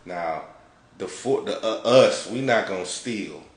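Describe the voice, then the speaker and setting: A man from Detroit, a podcast host, telling an animated, profane story in a laid-back way. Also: on the low side, measured pace. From Detroit, United States. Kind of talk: casual storytelling. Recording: roomy with faint background noise.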